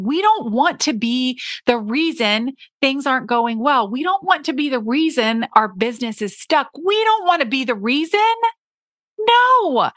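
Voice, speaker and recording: A woman's voice: fairly high pitch, a bit bright, dry recording, clean studio sound. A woman in her forties hosting a solo podcast, talking to her listeners in an earnest coaching way and acting out her own past complaints. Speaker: podcast host, business coach.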